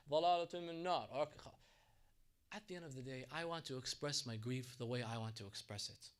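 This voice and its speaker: A man delivers a religious lecture in a mosque. His voice sits a little high for a man and moves between hushed, grieving stretches and loud, pleading outbursts. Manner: impassioned, swings from soft to loud and back. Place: mosque hall.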